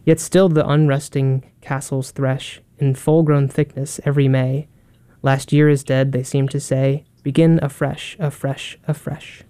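A man reading poems aloud in a calm, measured way. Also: mid-range voice, clean tone, no echo. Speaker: poetry reader. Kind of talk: poetry reading.

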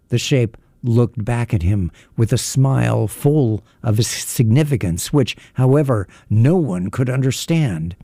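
A man narrating an audiobook in a measured, even manner. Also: mid-range voice, creaky, no room sound, studio quality.

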